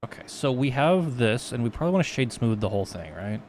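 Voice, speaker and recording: A man's voice: mid-range voice, sing-song, fast, darkish tone, slight background noise. A young man casually walking through 3D texturing on a live stream, rambling, swearing freely and mocking himself. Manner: rambling, profane, self-mocking.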